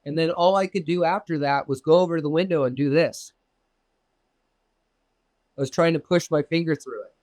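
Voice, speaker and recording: Socal guy telling a wild story, bit high voice, dry close sound, swears a lot and jumps way up in pitch. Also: moderate pace, long pauses, no echo. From Southern California. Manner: animated, profane, acts out quoted exchanges with big pitch jumps. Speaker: interview guest recounting a UFO experience. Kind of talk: casual storytelling.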